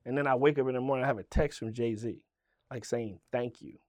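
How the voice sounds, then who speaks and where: A rapper from Virginia telling stories in a casual interview, swearing freely and acting out what others said. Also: male voice, medium pitch, fairly quick, dry recording. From Virginia, USA. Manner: animated storyteller, swearing, acting out quoted voices. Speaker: guest, rapper.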